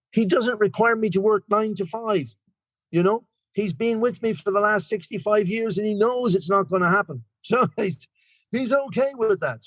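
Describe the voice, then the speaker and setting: A man's voice: sits high, dry recording. A man in his sixties from Ireland with an Irish accent, sharing at a recovery meeting in a rambling, chatty way with self-deprecating humor, over a video call. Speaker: guest speaker.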